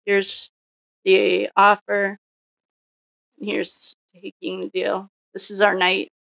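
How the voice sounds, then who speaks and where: A woman's voice: medium pitch, completely flat delivery, takes it slowly, gravelly, fairly bright tone, dry recording. A woman doing a casual solo tarot reading, musing and thinking aloud with frequent restarts. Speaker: psychic tarot reader.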